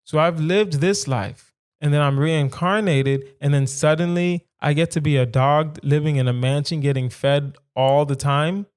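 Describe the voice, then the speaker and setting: Man, comedian podcast host, slightly higher voice, playful, rambling, rhetorical questions. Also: steady tone, measured pace, smooth. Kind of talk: casual solo podcast musing.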